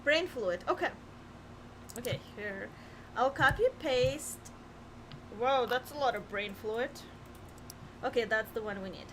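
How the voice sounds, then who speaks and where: High, lively, excitable woman gamer. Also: a little slow, pauses often, slight background noise. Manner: excitable, laughing, flustered. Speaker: streamer co-host. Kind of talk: casual chat while playing a game.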